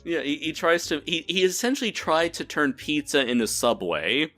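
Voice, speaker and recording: Lively, bright-voiced podcast host. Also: male voice, a little high, moderate pace, soft background music. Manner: laughing, animated, swears casually. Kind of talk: casual chat.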